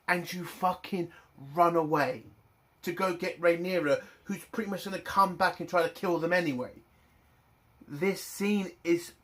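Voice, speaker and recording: A man angrily ranting in a TV review vlog, swearing heavily and breaking into loud indignant bursts. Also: sits high, normal speed. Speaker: TV review vlogger.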